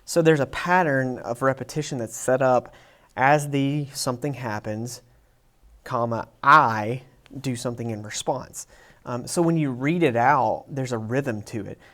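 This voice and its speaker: Relaxed man explaining writing slides. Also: medium pitch, a little slow. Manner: relaxed, with frequent fillers and restarts. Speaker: writing teacher. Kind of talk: casual lecture over slides.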